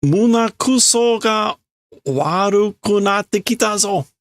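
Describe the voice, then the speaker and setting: A man's voice: sits high, animated, slow, no room sound, voice pushed up, full character voice. A man putting on angry workers who hurl harsh insults at their leader while reading manga dialogue aloud.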